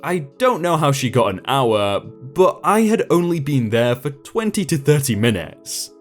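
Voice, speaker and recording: A man narrating a reddit story as a storytime channel host, in a lively, wry manner. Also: medium pitch, measured pace, soft background music.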